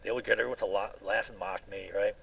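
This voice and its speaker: A man's voice: lowish voice, steady tone, fast, gravelly, fairly bright tone, husky, lo-fi sound. A man giving a rambling personal monologue in an aggrieved tone, restarting often and asking "right?" after many sentences. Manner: repetitive with frequent restarts. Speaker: video blogger.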